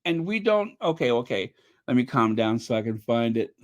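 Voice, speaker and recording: A woman from a Caribbean island hosting a casual livestream, chatty and excitable as she thanks her viewers. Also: rumbling low, moderate pace. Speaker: livestream host.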